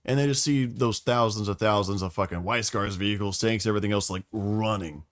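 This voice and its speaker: A man hosting a casual podcast, telling lore in a profane, animated storytelling way. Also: on the low side, a little fast. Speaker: podcast host explaining lore.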